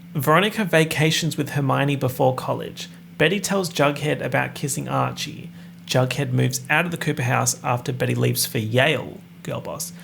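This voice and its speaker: Brief: young man, podcast host, gravelly voice, dry sarcastic asides, faint hum under the track. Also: medium pitch, a bit bright. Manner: sarcastic, wry asides while reading a plot summary. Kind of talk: casual podcast recap.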